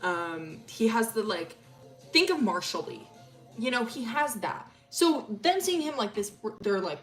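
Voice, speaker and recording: Young woman streamer, crude, giggly, animated pitch; faint music behind. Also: moderate pace. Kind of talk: casual lore storytelling on stream.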